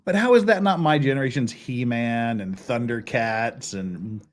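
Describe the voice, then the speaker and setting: A man's voice: medium pitch, measured pace. A man talking as a guest in a casual chat, blunt and crude, laughing often.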